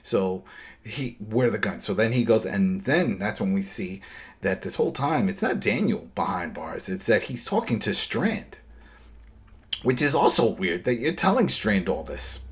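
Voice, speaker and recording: Man, podcast co-host, husky voice, lowish pitch, casual recap, sarcastic asides. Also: moderate pace. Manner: lively retelling, dry sarcastic asides. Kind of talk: casual episode recap chat.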